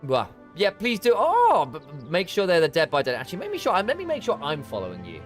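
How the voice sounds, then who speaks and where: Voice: mid-range voice, huge pitch swings, fast, soft background music. A game streamer chatting casually while playing, thinking aloud and trailing off now and then. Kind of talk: casual live gameplay chat.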